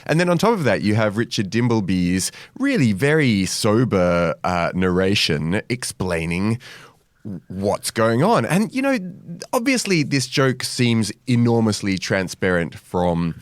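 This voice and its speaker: A man co-hosting a history podcast, explaining a story in an emphatic, animated way. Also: on the low side, a little slow, no room sound, studio quality. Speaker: podcast co-host. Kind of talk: casual chat.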